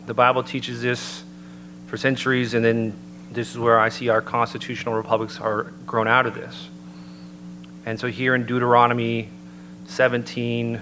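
Man, mid-low voice, earnest measured preaching delivery, recording carries a steady hum. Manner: measured, earnest, citing scripture. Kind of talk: sermon-style talk. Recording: noticeable background hum.

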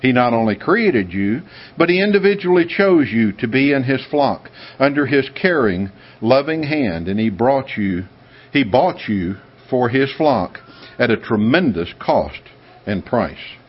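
A man from the United States preaching a sermon in an emphatic way, with sudden high, excited bursts. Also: unhurried, breathy edge. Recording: dull lo-fi sound.

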